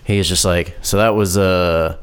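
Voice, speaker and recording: A man's voice: low-pitched, steady tone, measured pace, clear, resonant tone. A man hosting a podcast, telling a long story in a laid-back, profane way, full of "like" and quoted dialogue. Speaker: podcast host. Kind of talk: casual storytelling chat.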